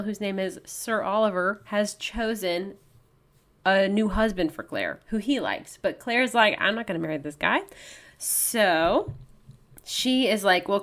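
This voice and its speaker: A young woman in casual podcast chat, retelling a story with lively quoted lines from its characters. Her voice sits at an ordinary middle pitch, and she talks easily and conversationally. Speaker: podcast co-host. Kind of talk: casual chat recapping a novel.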